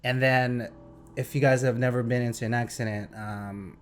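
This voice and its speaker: A young man in casual podcast chat, telling a story in an animated, excitable way and acting out sound effects. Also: medium pitch, moderate pace, clear, resonant tone. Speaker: podcast host.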